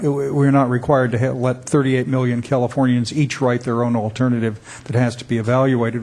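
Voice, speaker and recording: A man's voice: medium pitch, a little mellow. A council member, a man, asking a presenter questions at a public meeting, stammering and restarting as he works out what he wants to ask. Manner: inquisitive, halting, stammers at restarts.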